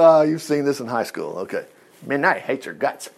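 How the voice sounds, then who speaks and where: A man reading a Bible story aloud and breaking off into folksy, joking asides, with loud emphatic bursts and low mutters. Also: animated, moderate pace, vocal fry. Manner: reads scripture aloud with folksy asides and jokes. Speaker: Bible teacher. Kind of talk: casual Bible study reading and commentary.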